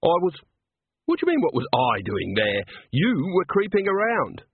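A man voicing a tense, defiant young woman in an audiobook, his voice raised higher and urgent. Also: wildly swooping pitch, moderate pace, breathy edge, heavily acted. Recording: dry, tinny phone-like audio.

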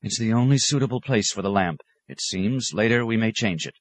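A man voicing a stern, weary male abbot who speaks with measured, firm authority. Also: fairly low pitch, lively intonation, no echo, voice pushed up.

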